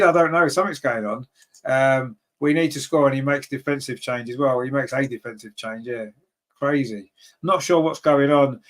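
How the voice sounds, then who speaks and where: A man hosting a fan watchalong, calling a live football match and reading viewer comments. He is partisan, grumbles at team choices, and his voice climbs sharply in pitch and loudness when a chance comes. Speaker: fan commentator and channel host.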